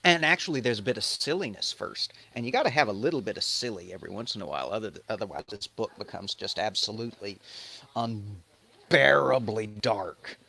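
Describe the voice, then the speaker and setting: A man's voice: lowish voice, lively intonation, brisk, vocal fry, pushed and bright, husky. A man hosting a casual livestream commentary, sardonic and profane, mocking as he talks. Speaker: host.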